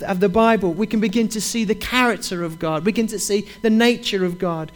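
A man with a notably high voice delivers a sermon to his congregation. He reads scripture with swelling emphasis and falls into a fervent, repetitive preaching rhythm.

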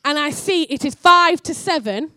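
A woman giving a sermon in church, telling a story and acting out the dialogue with lively energy. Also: sits high, normal speed, no echo, studio quality. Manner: animated storytelling, acts out dialogue. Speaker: church speaker.

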